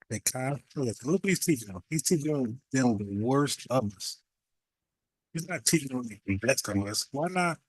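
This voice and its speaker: A man's voice: mid-range voice, no echo, rough recording. Incredulous man firing off questions. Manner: incredulous, rapid rhetorical questions. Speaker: reaction commentator. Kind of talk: casual reaction commentary.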